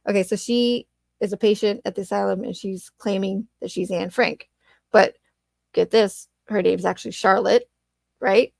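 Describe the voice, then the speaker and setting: A woman's voice: medium pitch, fairly even intonation, moderate pace, gravelly, dry recording. A woman hosting a casual livestream chat, telling stories animatedly with fillers and frequent laughs. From Arizona. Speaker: channel host.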